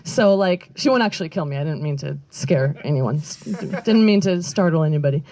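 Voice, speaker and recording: A woman's voice: sits low, animated, fairly quick, mellow. Rambling, giggly woman comic. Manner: rambling, self-interrupting, giggly delivery. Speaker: stand-up comedian. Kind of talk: stand-up storytelling. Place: outdoor backyard show.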